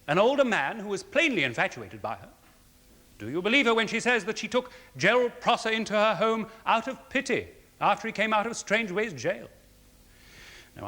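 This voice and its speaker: A prosecuting barrister from a 1970s courtroom drama, formal and emphatic, with a bright, lively delivery that rises and falls across each argument. His voice is slightly high and rings out with a long reverberation from the courtroom. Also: full character voice. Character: measured male barrister giving closing speech. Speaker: prosecuting counsel.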